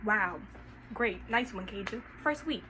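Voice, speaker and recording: A young woman from Washington, D.C., vlogging a story in an animated, slangy, casual way with frequent laughter. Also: medium pitch, a little slow, very noisy. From Washington, D.C., USA. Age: young adult.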